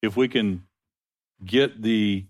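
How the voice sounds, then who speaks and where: A man's voice: on the low side, slow. A man leading a Bible study discussion, affirming and encouraging the group.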